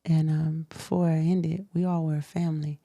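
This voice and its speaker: A young adult woman hosting a show, telling a personal story in a candid interview, animated and emphatic, laughing often. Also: deep voice, moderate pace, vocal fry, no echo. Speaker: host.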